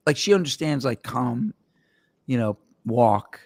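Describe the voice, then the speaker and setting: A man's voice: mid-range voice, lively intonation, unhurried, a little mellow, dry recording. A man hosting a casual podcast, telling rambling jokey stories with his co-hosts. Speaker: host.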